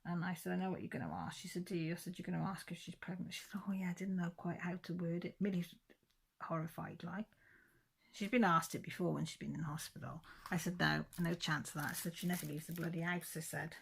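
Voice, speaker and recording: A middle-aged woman from England chats through a long story in a low, gravelly voice. She talks casually and keeps quoting what everyone said. She often restarts her sentences as she goes. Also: steady tone, brisk, fairly bright tone. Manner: chatty storytelling with many restarts and quoted dialogue. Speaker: crafting vlogger. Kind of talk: casual chat.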